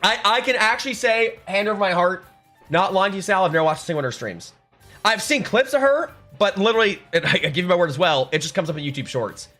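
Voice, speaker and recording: This young man's high, bright voice has a forceful tone, lively intonation, and a quick pace. Live-streaming with faint music behind him, he chats casually with his audience, reads their comments aloud, jokes sarcastically, and frequently restarts sentences.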